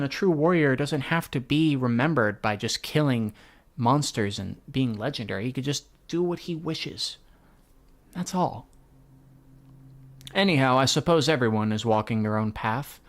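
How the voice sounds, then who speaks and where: A man giving casual, excitable reaction commentary while reading a manga, swearing freely and laughing often. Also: medium pitch, a little slow, pauses often.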